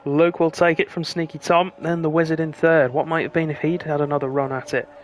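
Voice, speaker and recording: A man commentating live on an online racing stream, calling the action in a brisk play-by-play manner. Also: fairly high pitch, faint music behind. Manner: brisk play-by-play, rising excitement at close finishes. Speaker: lead commentator.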